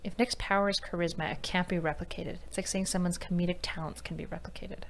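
A woman's voice: lowish voice, steady tone, fast. A woman streamer ranting in an exasperated, profane, lecturing way. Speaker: livestreamer. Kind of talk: heated stream rant. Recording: distant mic with faint room noise.

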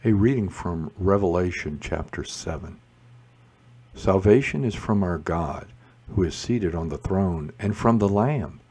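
Guy reciting morning prayer, dark mellow voice, bit husky, slow and measured. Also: low voice, lively intonation. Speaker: prayer leader.

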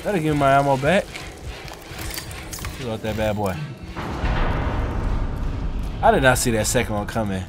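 A man giving casual let's play commentary on a horror game, cursing and yelping whenever something startles him. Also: mid-range voice. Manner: excitable, yelps and curses when startled. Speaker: gaming streamer. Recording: loud music under the voice.

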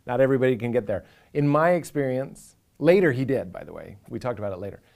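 A man's voice: mid-range voice, expressive, quick pace, vocal fry, darkish tone. A man, a comedian talking earnestly and with animation in a reflective interview, now and then acting out inner voices for a laugh.

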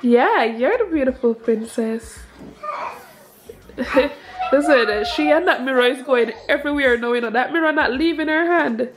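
A young woman with a high voice talks through an unboxing in a casual vlog. She gushes, sounds emotional and breaks into laughter easily. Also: moderate pace, music in the background. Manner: gushing, emotional, laughs often. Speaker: family vlogger, mother.

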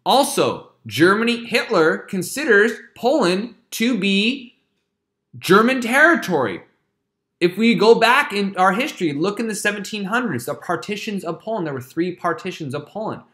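A man's voice: high-pitched, big pitch swings, normal speed, fairly bright tone. A man teaching a history lecture in a casual, chatty way, often checking in with his listeners.

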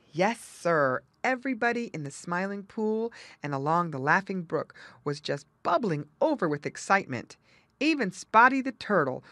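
Lively woman narrating a children's audiobook. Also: on the low side, no echo. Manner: lively, expressive storytelling. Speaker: audiobook reader.

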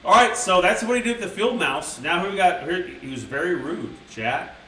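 Casual streamer who swears through a storybook, slightly high voice, a bit far from the mic. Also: male voice, lively intonation, brisk, few pauses, pushed and bright, slight background noise. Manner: rambling, crude, mock-outraged asides. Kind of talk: reading a children's book with profane commentary to a live chat. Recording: roomy sound from a distant mic.

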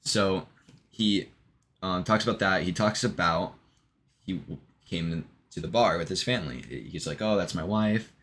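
A man's voice: sits low, unhurried, fairly bright tone, a little hiss or hum. A man casually retelling a long joke in a rambling monologue, full of ums, restarts and offhand swearing. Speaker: vlogger.

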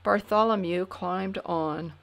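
A woman reading a children's storybook aloud in an expressive way, dropping to whispers for suspense. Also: fairly low pitch, slow pace, gravelly. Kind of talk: reading a picture book aloud.

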